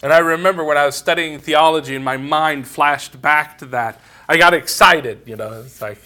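A man's voice: a little high, moderate pace, hardly any pauses, bright, forceful tone. A man giving a casual theology lecture, wandering into asides and often saying "you know".

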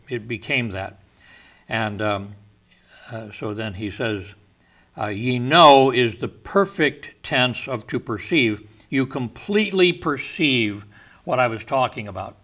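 A man teaching a verse-by-verse Bible study, stressing and defining key words at a measured, deliberate pace. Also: mid-range voice, sharp tone.

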